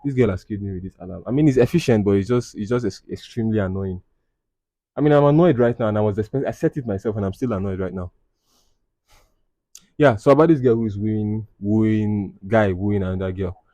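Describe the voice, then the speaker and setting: A man's voice: on the low side, brisk, dark tone, dry recording. A man, hosting a podcast and reading confessions aloud in a casual, blunt, profane, teasing way. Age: 20s. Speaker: podcast host.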